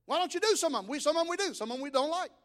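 Man preaching a sermon with a very high voice, storytelling and exhorting. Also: animated, racing. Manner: storytelling and exhorting, rising to shouts. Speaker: pastor.

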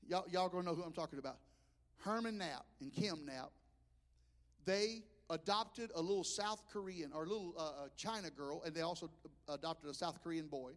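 A man's voice: a little high, normal speed, fairly bright tone, long reverb tail. A man preaching a sermon in a folksy, impassioned way, mixing humor into his message.

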